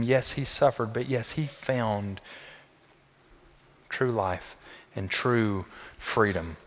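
A male pastor preaching a sermon in a church, with emphatic repeated phrases and sudden swings between quiet and loud. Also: mid-range voice. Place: church sanctuary. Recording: long echo of a large hall.

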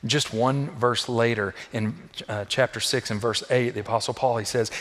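A man preaches a sermon in a church, his voice at an ordinary middle pitch. He leans on repetition and swings between near-hushed phrases and loud, urgent refrains. A long reverb from a big hall trails every line. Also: steady tone, normal speed, few pauses. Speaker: pastor. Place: church sanctuary. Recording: long echo of a large hall.

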